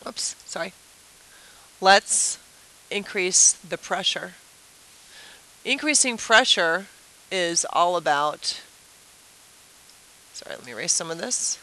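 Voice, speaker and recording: A woman's voice: lowish voice, pushed and bright, poor audio. A woman teacher giving a chatty review lesson at a whiteboard, asking the class questions and explaining with playful everyday comparisons.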